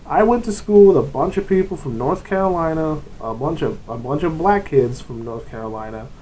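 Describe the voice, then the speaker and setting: A man's voice: a little high, lively intonation, a little fast, warm tone, a little hiss or hum, rough recording. A man giving casual, rambling advice as a tabletop game master, wandering off topic and dropping into brief put-on voices. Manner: rambling and digressive, often breaking into short put-on voices.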